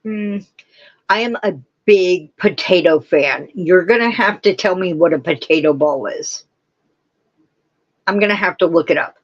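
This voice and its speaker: A woman hosts a relaxed crafting livestream, drifting from one thought to the next and stopping to answer viewers' comments. She talks slowly and unhurriedly. The audio is dull and lo-fi. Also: on the low side. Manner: rambling, chatty, answers chat comments. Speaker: host of a live crafting stream. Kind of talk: casual chat with live viewers.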